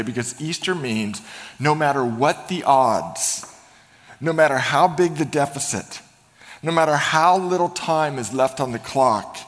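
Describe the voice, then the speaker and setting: A man preaching an Easter sermon in a church, telling stories with energy and laughing as he goes. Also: medium pitch. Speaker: pastor. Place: church sanctuary. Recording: long hall reverb.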